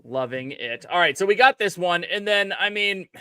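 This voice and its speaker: A man banters with his co-hosts in a bright, smooth voice pitched a little high. He is playful and teasing. The tone is crisp and clear. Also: fairly even intonation, normal speed. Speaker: podcast co-host. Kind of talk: casual chat.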